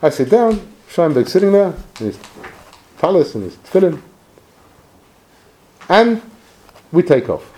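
A man recounts a personal anecdote in a lively, expressive storytelling manner. His voice sits somewhat high and his pitch rises and falls a great deal. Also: a little slow, pauses often. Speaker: speaker telling a personal story.

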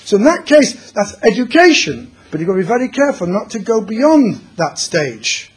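Rabbi guy teaching a class, high voice, husky, bounces around a lot. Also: big pitch swings, moderate pace. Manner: storytelling, mixing in Yiddish and Hebrew terms. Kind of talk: religious lecture with stories.

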